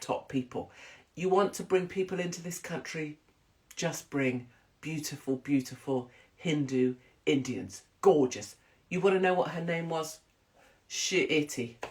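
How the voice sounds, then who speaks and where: Blunt woman telling rambling stories. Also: low-pitched. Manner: blunt, profane, rambling storytelling. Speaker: commentator. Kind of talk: casual monologue.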